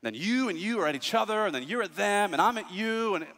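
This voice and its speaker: A pastor in his thirties preaching a sermon, telling stories with lively asides. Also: high-pitched, fast. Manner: animated storytelling, lively asides. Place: large church hall. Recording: long hall reverb.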